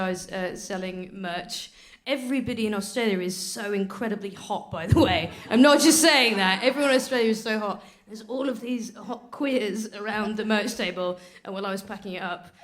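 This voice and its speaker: A woman's voice: medium pitch, normal speed. A woman co-hosting a live comedy show on a theatre stage, telling rambling, self-deprecating stories with laughter. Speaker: comedy podcast co-host. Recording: live theatre recording with crowd noise.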